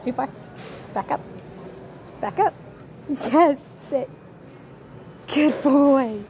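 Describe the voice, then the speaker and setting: A young woman with a high, mellow voice vlogs alongside her service dog, stretching out her words. She coos to him in a sing-song baby voice and issues short commands in this casual clip, which carries background noise.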